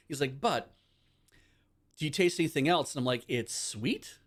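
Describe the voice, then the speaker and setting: A man hosting a live stream, chatting casually in a rambling, animated way and acting out bits of dialogue in quick voices. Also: mid-range voice. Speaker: stream host.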